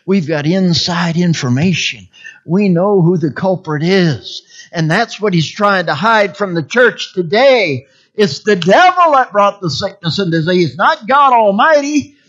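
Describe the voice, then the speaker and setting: Slow preacher dropping to whispers then shouting, real lively pitch, dull old recording. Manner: dramatic swings between whispers and shouts; repeats scripture phrases word by word for emphasis. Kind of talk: sermon.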